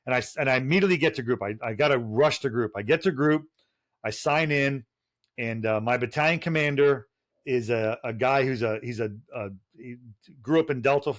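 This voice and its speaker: A middle-aged man with a voice of ordinary pitch spins long, salty stories as a podcast guest. He talks casually, stumbling over restarts and swearing freely as he goes. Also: brisk. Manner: profane, rambling anecdotes with many restarts. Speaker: guest, retired Special Forces officer.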